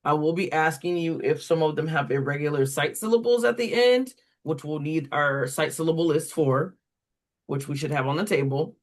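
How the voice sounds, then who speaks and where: A reading program instructor with a medium-pitched voice walks tutors through the material, deliberately sounding out words syllable by syllable.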